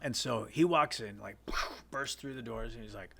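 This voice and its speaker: Filmmaker guy rambling through old shoot stories, raspy creaky voice. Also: mid-range voice, normal speed, a crowd in the background. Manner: rambling anecdotes with many fillers and restarts. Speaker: guest filmmaker. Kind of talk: casual storytelling in an interview.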